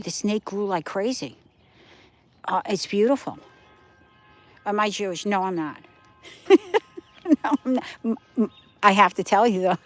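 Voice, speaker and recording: An older woman hosting a casual livestream, rambling chattily as she answers viewers' comments, recorded outdoors. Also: mid-range voice. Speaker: livestream host. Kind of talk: casual live-stream chat.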